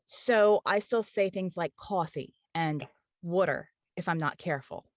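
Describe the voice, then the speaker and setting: A woman's voice: fairly low pitch, a little slow, dry recording, studio quality. Chatty woman with a Southern cadence. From Kentucky. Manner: chatty, easygoing, many fillers. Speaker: audiobook narrator and voice actor. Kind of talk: casual interview chat.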